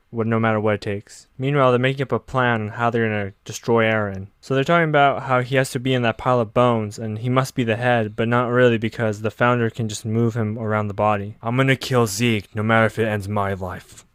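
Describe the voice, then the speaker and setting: A man recaps an anime episode in a casual, opinionated way and swears freely. His voice is smooth and mid-pitched. The recording is close and dry. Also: dry recording. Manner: blunt, profane and opinionated.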